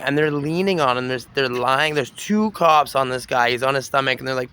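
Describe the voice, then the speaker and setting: A man's voice: mid-range voice, brisk, hardly any pauses, fairly bright tone, clean tone. A man telling his own story on a city street at night, rambling, swearing and aggrieved.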